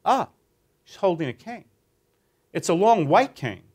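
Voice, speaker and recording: Lively, high-voiced male trainer telling a story. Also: measured pace, slightly rough. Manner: animated, addresses listeners with questions. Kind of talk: guided teaching tale for a class.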